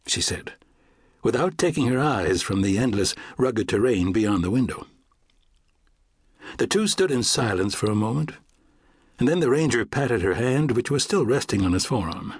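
Male audiobook narrator, low and a little husky, measured western storytelling. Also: sing-song, dry recording, clean studio sound. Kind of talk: scripted narration.

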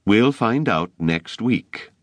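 A prim, self-satisfied schoolteacher woman with an unctuous, measured way of speaking, as a male narrator puts her on, her voice lifted above his own low register. The sound is dry and close. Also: huge pitch swings, breathy edge, dry recording, exaggerated voice.

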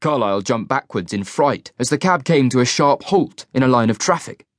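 A man narrating a crime thriller audiobook in an expressive reading style. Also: mid-range voice, moderate pace, no room sound, clean studio sound. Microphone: studio microphone.

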